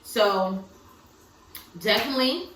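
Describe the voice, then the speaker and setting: A woman's voice: mid-range voice, slow pace, a bit bright, a little hiss or hum. A tearful young woman talking candidly and emphatically in a confessional vlog, laughing through her tears. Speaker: vlogger. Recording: roomy sound from some distance, faint background ambience.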